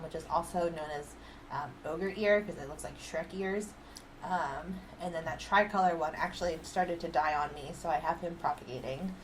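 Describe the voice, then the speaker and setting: A woman co-hosting a casual chat podcast from her apartment, telling stories in an animated way, acting out quotes and laughing often. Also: low voice, a little hiss or hum, poor audio. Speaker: podcast co-host.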